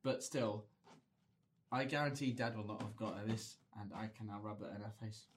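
A man's voice: on the low side, normal speed, a little hiss or hum. A man co-hosting a podcast in a studio, chatting in a playful, storytelling way. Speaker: podcast co-host. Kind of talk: casual chat.

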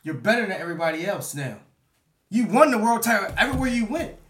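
A man's voice: high voice, sing-song, fast talker, a bit bright. A man co-hosting a podcast, arguing emphatically in a heated casual debate and repeating his points. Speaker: podcast co-host.

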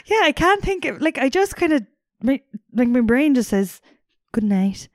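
A woman's voice: sits high, very animated, moderate pace, no echo, studio quality. A young Irish woman co-hosting a casual chat, talking loosely with lots of fillers and the odd swear. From Ireland. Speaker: podcast co-host.

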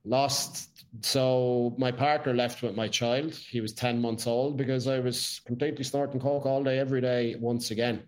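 A man's voice: medium pitch, normal speed. Blunt Irish man telling his story. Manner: blunt, swears freely, lively storytelling. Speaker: podcast guest. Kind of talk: casual storytelling.

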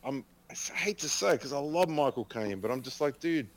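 A man's voice: mid-range voice, expressive, brisk, slight background noise. A man co-hosting a podcast in casual chat, hesitant and full of restarts, laughing and swearing as he talks. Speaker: podcast co-host.

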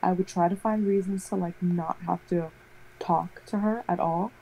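A young woman in casual chat, telling a rambling, animated story full of "like". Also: on the low side, normal speed, creaky, slightly rough, rough recording.

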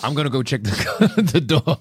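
A man playing in a tabletop game, decisive and quick to laugh as he declares his moves. His voice sits at a middling pitch and is recorded dry and close. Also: expressive, husky, dry recording. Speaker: player. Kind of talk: casual tabletop game chat.

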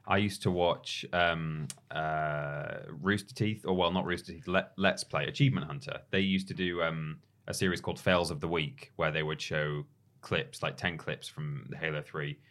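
A man with a very low voice chats on a gaming podcast. He meanders through his story, with plenty of ums and restarts. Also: steady tone, moderate pace, a bit bright. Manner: meandering, filler-heavy. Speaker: podcast co-host. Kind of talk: casual chat.

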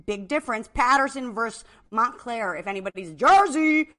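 Woman podcast host, playful and quick, high lively voice, laughs and swears casually. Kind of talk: casual chat.

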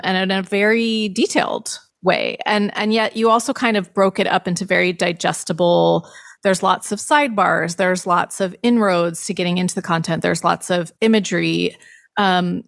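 A woman's voice: on the low side, gravelly, dry recording, studio quality. A woman hosting a podcast interview, effusive and enthusiastic with her guest. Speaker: podcast host.

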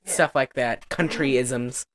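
Chatty woman w a low voice, swears a lot, laughs while recapping a movie. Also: fairly even intonation, takes it slowly. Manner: chatty, profane, laughs often. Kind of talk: casual chat recapping a movie.

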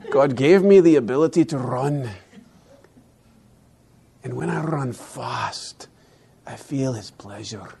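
A man putting on a deliberately clumsy Scottish accent to voice an earnest runner, speaking quietly and slowly. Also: mid-range voice, creaky, slightly rough, pitched below the performer's own voice, full character voice. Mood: reverent.

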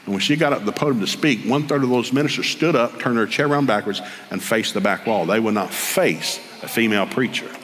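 An older man with a Southern US accent, preaching a sermon full of comic family stories and jumping into high voices for the people he quotes. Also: fast, hardly any pauses. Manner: animated storyteller, jumps to high excited voices for quoted people. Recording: long hall reverb, faint ambience.

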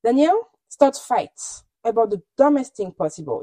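A woman's voice: a little high, very animated, normal speed, dark tone, no echo. A woman hosting a podcast, recapping reality shows in candid, gossipy, opinionated chat and often laughing. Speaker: podcast host.

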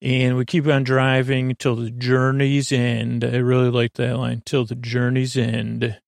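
A man hosting a bedtime podcast, retelling a TV episode in a rambling, halting way full of fillers and restarts. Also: mid-range voice, monotone, creaky, no echo, studio quality. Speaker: podcast host. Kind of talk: sleepy bedtime episode recap.

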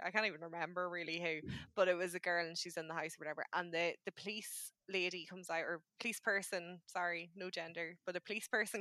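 A woman in casual chat, talkative and quick to laugh, filling her talk with "like". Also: lowish voice, sharp tone, no room sound. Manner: chatty, laughs often, lots of "like".

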